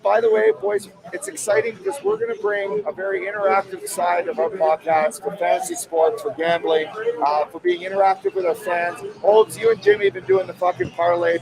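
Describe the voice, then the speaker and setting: A man hosting a podcast live in a busy hotel bar, talking casually, energetic and profane. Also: high-pitched, brisk. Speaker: podcast host. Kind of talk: casual chat. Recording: noisy crowded bar. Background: crowd chatter.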